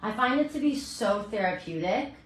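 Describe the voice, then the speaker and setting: A middle-aged woman hairstylist chatting brightly while she demonstrates hair toning in a salon, teaching as she works. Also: medium pitch, expressive, moderate pace. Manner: bubbly, chatty, talks while working. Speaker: hairstylist educator. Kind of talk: live hair coloring tutorial. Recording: echoey room.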